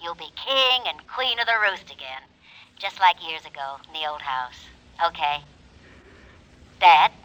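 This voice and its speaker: A bubbly daughter on the phone. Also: female voice, lowish voice, very animated, measured pace, a bit bright, rough recording. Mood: cheerful. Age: middle-aged. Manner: bubbly, laughing. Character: cheerful middle-aged daughter on the phone.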